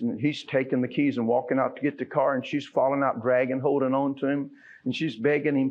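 A man's voice: mid-range voice, flat delivery, a little fast, a little mellow, muffled recording. A man preaching a sermon in a folksy, conversational way that swells into fervent emphasis. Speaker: pastor. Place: church sanctuary.

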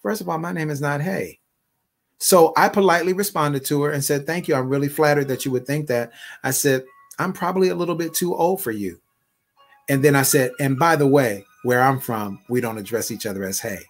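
A man's voice: a little high, brisk, soft background music. A middle-aged man, a bishop and online pastor, speaking in an emphatic, conversational way on a live prayer broadcast and repeating his phrases.

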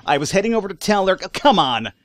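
A man giving casual, animated commentary while playing a video game and reading its lines aloud. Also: high-pitched, fast, dry recording. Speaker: let's play gamer.

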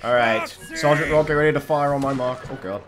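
A young man casually chatting while he plays a multiplayer game, swearing a lot and shouting orders at his teammates. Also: mid-range voice, fast. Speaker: gamer recording his play. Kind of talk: casual gaming chat with shouted commands. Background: game music and gunfire.

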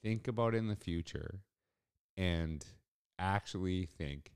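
A man's voice: sits low, unhurried, clean tone. A middle-aged man hosting a solo podcast, telling a story in an earnest, reflective way. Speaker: podcast host.

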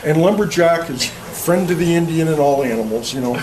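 A man's voice: on the high side, fairly quick, background noise. A man giving a casual, folksy workshop talk on carving to an audience, rambling a little and telling jokes. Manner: folksy, rambling, tells jokes, restarts words. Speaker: chainsaw carving instructor. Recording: distant mic, faint room ambience.

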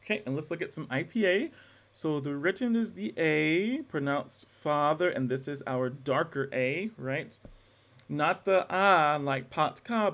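A man's voice: a little high, creaky. A man teaching a choral conducting class, talking casually with frequent restarts and self-corrections and demonstrating sung vowels. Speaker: music instructor. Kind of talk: classroom lecture.

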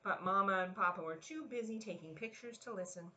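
A woman in her thirties, a children's librarian, leading a family storytime with a lively, encouraging read-aloud manner. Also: mid-range voice, a little fast, muffled recording.

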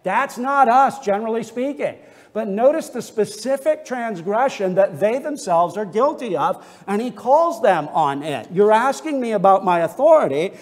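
A pastor with a notably high voice delivers an expository sermon full of earnest conviction, his intonation lively and his pace moderate. Each phrase carries a long reverberant tail, as though spoken in a church sanctuary.

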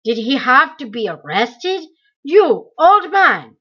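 A woman voicing a harsh, impatient male interrogator who barks loud commands. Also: on the high side, sing-song, unhurried, lo-fi sound, heavily acted. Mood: shouting.

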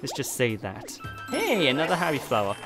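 A man's voice: mid-range voice, wildly swooping pitch, brisk. Jokey man from Wales for let's play commentary, music bed. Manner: rambling, self-mocking, jokey asides. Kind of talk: casual gameplay commentary. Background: game music.

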